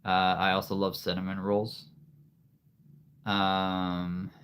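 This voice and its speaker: A man's voice: deep voice, monotone, slow, fairly bright tone, clear, resonant tone. A man hosting a casual livestream, rambling to his viewers with many fillers and frequent laughs. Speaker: livestream host.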